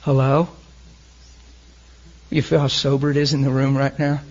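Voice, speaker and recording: A man preaching a sermon, emotional, swinging between loud and hushed. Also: medium pitch, little pitch movement, moderate pace, dull audio.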